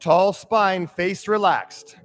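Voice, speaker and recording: A man teaching a guided breathwork class, giving calm, steady cues and counting breaths aloud. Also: high-pitched, takes it slowly. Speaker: yoga and breathwork instructor. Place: yoga studio. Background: drum beat music.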